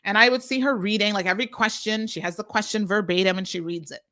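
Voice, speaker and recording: A woman's voice: medium pitch, quick pace, bright, forceful tone. A woman hosting an unscripted live talk show, speaking outspokenly and emphatically as she addresses viewers directly and reads out their comments.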